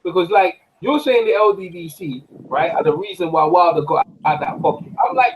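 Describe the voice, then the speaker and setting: A man's voice: high-pitched, lively intonation, moderate pace, background noise. A man on a livestream panel, teasing and lighthearted in the debate.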